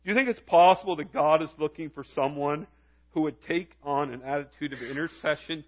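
A man's voice: on the high side, brisk, dull audio. A man preaching a sermon as pastor, emphatic and full of rhetorical questions.

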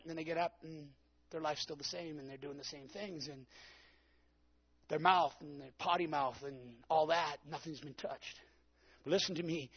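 A man preaching a Pentecostal sermon, shouting at the peaks and calling out to the congregation for answers. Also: on the high side, husky, muffled recording. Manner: preaches with rising shouts and call-and-response. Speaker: pastor.

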